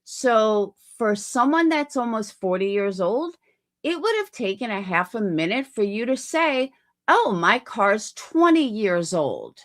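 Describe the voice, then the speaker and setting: A woman's voice: fairly high pitch, sing-song, unhurried. A woman hosting reaction commentary, talking in a sarcastic, mocking way about a clip she plays. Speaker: commentary host.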